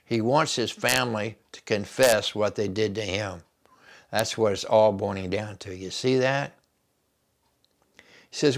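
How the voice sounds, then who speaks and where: Gravelly-voiced man teaching Bible study. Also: fairly low pitch, a little slow, fairly bright tone. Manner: folksy, retells scripture in plain words with asides. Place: kitchen.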